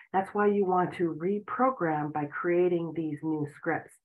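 A woman giving an earnest self-help talk as a relationship and spiritual coach, explaining points with frequent "you know"s. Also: lowish voice. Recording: tinny phone-like audio.

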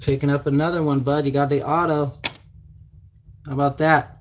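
A man's voice: on the high side, little pitch movement, normal speed, pauses often. A man hosting a card break, calling out card names and numbers in chatty, casual talk, sounding flustered and distracted. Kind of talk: casual card-opening commentary.

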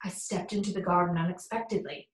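A woman's voice: on the low side, fairly even intonation, brisk, a little hiss or hum, lightly acted. Brief: woman reading a fearful male butler, pleading, audiobook, echoey room. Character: loyal, frightened older male butler. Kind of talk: audiobook character voice. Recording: roomy echo.

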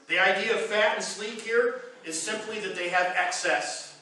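A man's voice: sits high, normal speed, bright, forceful tone, a little hiss or hum. A man preaching a sermon to a congregation, emphatic and often repeating words as he goes. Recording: echoey hall recorded from far off.

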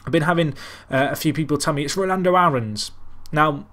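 Fairly quick, slightly high and a bit bright, the gaming commentator's voice carries his casual Let's Play of a football management game. He calls the match like a real commentator, rambling and self-deprecating along the way.

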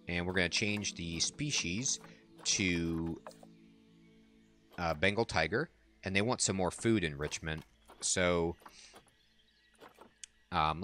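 Low-voiced man chatting over gameplay. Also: a bit bright. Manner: chatty, amused, talks to the animals. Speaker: let's play host. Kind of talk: casual game commentary.

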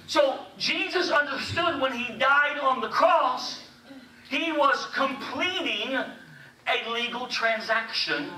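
Bright-voiced preacher in an echoey hall. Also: male voice, very high-pitched. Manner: animated storytelling. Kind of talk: sermon. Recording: echoey hall, distant mic, faint hiss.

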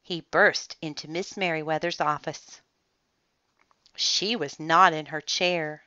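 A woman reading a children's picture book aloud in an expressive, deliberate storytelling manner. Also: deep voice, dry recording. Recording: dull lo-fi, dry sound.

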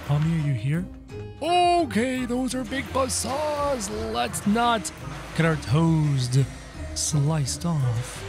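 A man giving playful, animated gameplay commentary in character as the game hero, breaking into sudden yelps and shouts. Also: a little high. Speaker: gaming video creator. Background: game music.

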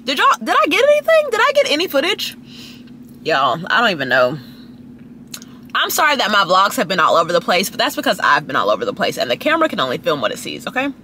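A woman's voice: huge pitch swings, quick pace, sharp tone, slight background noise. A young woman, chatting casually and gossipily to her phone camera at a restaurant. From Dallas, Texas. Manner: gossipy and chatty, swooping pitch jumps. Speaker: lifestyle vlogger. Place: at a restaurant, people watching.

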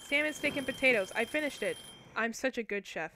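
A woman's voice: a little high, lively intonation, fast, sharp tone, slight background noise, poor audio. A young woman casually commentating on a cooking game she is streaming, talking playfully to her viewers as she plays.

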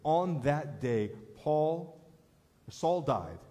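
A man's voice: a little high, lively intonation, extremely slow, warm tone, muffled recording. A man preaching a sermon as pastor, telling a story in an earnest way that rises to emphatic appeals, in a church sanctuary. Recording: echoey church hall.

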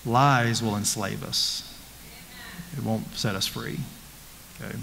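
A man's voice: lowish voice, fairly even intonation, slow, gravelly, bright, forceful tone, in a large hall, a little hiss or hum, rough recording. A man, a pastor, teaching a conversational Bible study with rhetorical questions and frequent restarts. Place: church.

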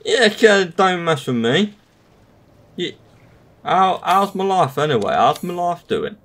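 A man playing a horror game, muttering to himself between yelled insults at the enemies. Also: sits high, very animated, a little slow. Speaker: gamer. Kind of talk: gameplay commentary.

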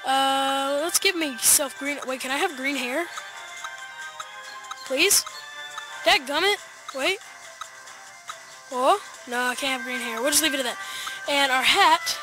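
An excitable male gamer with a high, light voice talks fast and eagerly to his viewers. Music plays clearly behind his chatty commentary. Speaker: gaming YouTuber. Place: backyard, outdoors.

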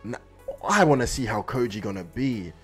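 A man hosting an anime reaction video, talking in an excitable, slangy way straight to his viewers. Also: medium pitch, normal speed, faint music behind. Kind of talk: casual reaction commentary.

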